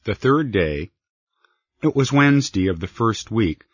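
A man narrating a written story in a calm, unhurried storytelling manner. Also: on the low side, breathy edge, dry recording. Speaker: reader. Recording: slightly muffled dry recording.

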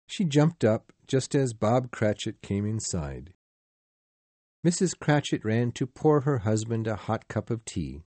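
A man narrating a storybook in a slow, measured, expressive way. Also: fairly low pitch, no echo. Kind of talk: storybook reading.

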